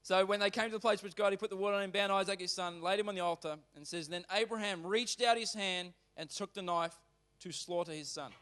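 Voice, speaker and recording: A man preaching as a pastor in church. He reads scripture aloud, then explains it in a casual, animated way, turning suddenly loud or quiet. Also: sits high, a little fast. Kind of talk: sermon reading and explaining scripture.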